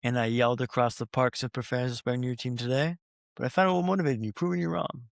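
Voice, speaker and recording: Speaking directly to the host, a podcast guest tells the story of his recovery, using repetition to set a rhythm the way experienced speakers do. He has a medium-pitched, creaky voice, keeps a steady tone and talks fast. The audio is studio quality and echo-free.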